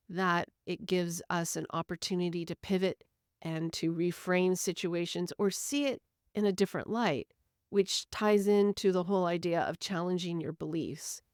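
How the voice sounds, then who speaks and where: A woman's voice: fairly low pitch, a little mellow, clear, resonant tone, no echo, studio quality. A woman hosting a solo podcast, talking earnestly about feelings and explaining them through everyday stories. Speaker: podcast host. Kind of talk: reflective solo podcast talk.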